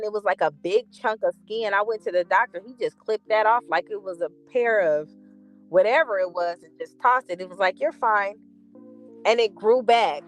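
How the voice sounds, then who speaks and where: A woman from the Los Angeles area telling a story in casual chat, animated and laughing, acting out the voices in the dialogue. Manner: animated, laughing, acts out dialogue with big pitch jumps.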